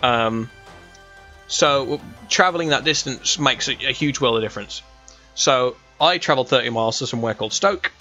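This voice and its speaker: A man's voice: medium pitch, normal speed, sharp tone, highs cut off, faint music behind. Rambling young man, West Midlands English. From England. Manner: rambling, chatty, full of fillers and restarts. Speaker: gaming streamer. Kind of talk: casual gameplay chat.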